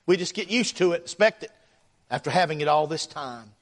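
A man's voice: a little high, expressive, a little fast. A middle-aged man, a guest preacher who prays and tells folksy stories in a sermon. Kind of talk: sermon with prayer and storytelling.

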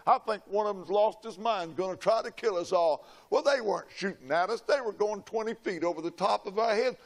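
An older man, preaching a sermon and telling a personal story in a folksy, dramatic way. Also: high-pitched. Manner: folksy, dramatic storytelling, shouting quoted lines.

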